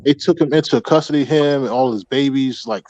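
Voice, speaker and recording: A man's voice: mid-range voice, a little fast, a little mellow, a little hiss or hum. A man talking casually as podcast host, rambling with lots of restarts and fillers. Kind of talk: casual chat. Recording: dull lo-fi audio.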